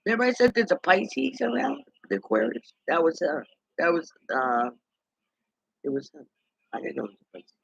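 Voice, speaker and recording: A man's voice: a little high, moderate pace, gravelly, slightly rough, no room sound. A man in a rambling, indignant gossip monologue, talking to himself. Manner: chatty, indignant, talks to himself. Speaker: vlogger. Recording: dull lo-fi dry recording.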